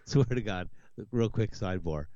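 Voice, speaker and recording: A man co-hosting a podcast in casual chat, telling a lively story and acting out the people in it. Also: on the low side, moderate pace, no room sound, dull audio. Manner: animated storyteller who acts out the people in his anecdotes. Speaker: podcast co-host.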